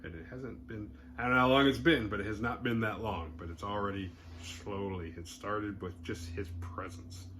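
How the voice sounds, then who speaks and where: A man casually retelling a horror film plot in a loose, rambling way, slipping into quick voiced asides. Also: on the low side, steady tone, a bit bright, slight background noise. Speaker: horror movie podcast host. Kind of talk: casual movie recap.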